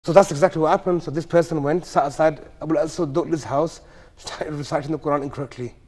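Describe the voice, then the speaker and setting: Male tajweed teacher, chatty and questioning, higher voice, long mosque reverb. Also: steady tone, quick pace, darkish tone. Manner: chatty, asks the class questions, slangy asides. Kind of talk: informal classroom storytelling. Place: mosque hall.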